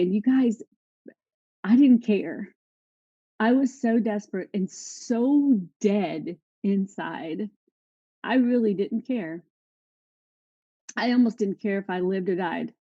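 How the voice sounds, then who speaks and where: A woman's voice: medium pitch, dark tone, no echo, lo-fi sound. Candid woman sharing her recovery story. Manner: candid and emotional, addressing the audience directly. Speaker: recovery speaker. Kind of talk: personal testimony talk.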